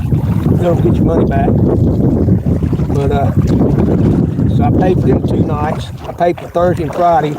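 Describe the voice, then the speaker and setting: A man's voice: on the high side, creaky. A middle-aged man, chatting in a rambling, folksy way while paddling a kayak outdoors, recorded on a phone. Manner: rambling, folksy, many restarts. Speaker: vlogger. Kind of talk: casual live-stream chat. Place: kayak on a windy lake outdoors. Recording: loud wind noise on a phone.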